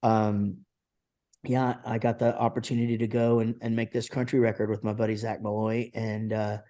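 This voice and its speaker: A man's voice: lowish voice, level tone, normal speed, warm tone. A middle-aged man from Texas, a guest musician, talking in a casual interview, rambling with plenty of fillers and restarts. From Texas, USA.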